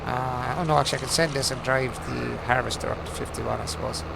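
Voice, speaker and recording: A man with a medium-pitched, gravelly voice talks at a quick pace in a steady tone over very noisy audio. He's hosting a livestream of a farming game, casually chatting with viewers, teasing them with jokey banter, laughing often and swearing freely.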